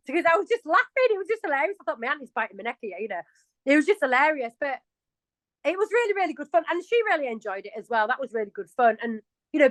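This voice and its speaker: Yorkshire lady in her forties, gabbing away in an interview, laughing at herself, highish voice. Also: fairly bright tone, no echo, low-quality recording. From England. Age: 40s. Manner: chatty and self-mocking, laughs often. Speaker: interview guest. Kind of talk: casual interview chat.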